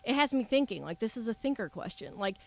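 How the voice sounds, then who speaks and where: A woman's voice: a little high, very animated, quick pace, darkish tone, no echo. Thoughtful woman on radio show. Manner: thoughtful, questioning. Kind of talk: casual radio banter.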